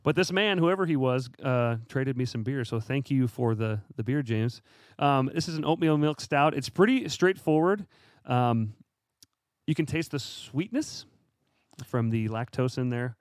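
A man co-hosting a casual podcast, chatty and quick to laugh, with lots of fillers. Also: mid-range voice, expressive, no room sound, studio quality. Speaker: podcast co-host. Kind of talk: casual chat.

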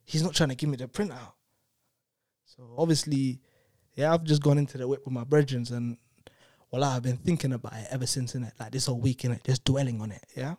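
A man's voice: mid-range voice, brisk, no room sound, studio quality. A young man, animatedly telling a personal story in casual chat, full of tag questions. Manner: animated, peppered with "innit" and "you know what I'm saying". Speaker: storyteller guest.

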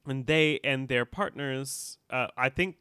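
A man's voice: mid-range voice, unhurried, sharp tone, clear, resonant tone, dry recording, studio quality. A man co-hosting a podcast, casually recapping an episode, laughing often and quoting characters. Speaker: podcast co-host.

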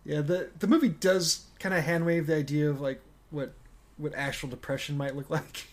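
A man's voice: a little high, fairly even intonation, moderate pace. A man co-hosting a casual movie-discussion podcast, talking in a loose, rambling way with frequent fillers and restarts. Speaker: podcast co-host.

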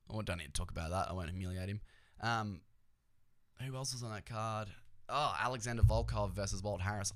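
A man's voice: low voice, no echo, studio quality. A man hosting a podcast, chatting casually about sports in a joking, profane, rambling way. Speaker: podcast host.

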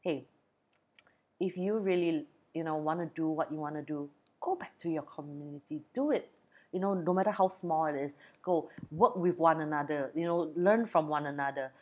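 A young woman from Brunei in casual chat, telling a story with lively acted-out quotes. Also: sits low, normal speed. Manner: animated storyteller who acts out quotes.

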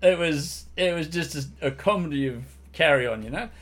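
A man's voice: fairly high pitch, brisk, fairly bright tone. An older man telling army stories in casual podcast chat, swearing freely and laughing through his punchlines.

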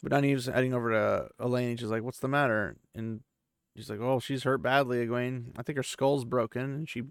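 A man's voice: medium pitch, fairly even intonation, brisk, gravelly, dry recording, studio quality. A man hosting a podcast, recapping a novel chapter in loose, casual paraphrase with offhand asides.

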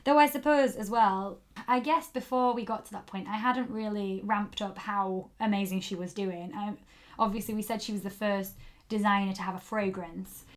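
A woman's voice: mid-range voice, steady tone, moderate pace. A woman co-hosting a podcast, telling a story in casual chat with giggly asides. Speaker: podcast co-host.

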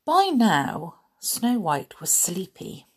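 Female storyteller host, gentle and friendly, slow, breathy. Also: lowish voice, huge pitch swings. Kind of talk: storybook reading to listeners.

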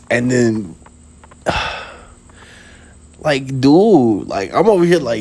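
A man's voice: medium pitch, very animated, takes it slowly, long pauses, a little mellow, breathy edge. A young man hosting a casual late-night talk, rambling in slang with lots of fillers and laughs, sitting outdoors. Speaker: podcast host.

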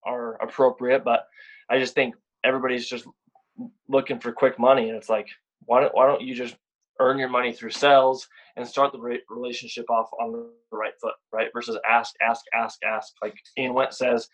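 A man's voice: medium pitch, little pitch movement, normal speed, muffled recording. A young man guest talking frankly and casually about sales, often repeating words as he starts a thought. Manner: blunt, repeats words when starting sentences. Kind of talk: casual podcast chat.

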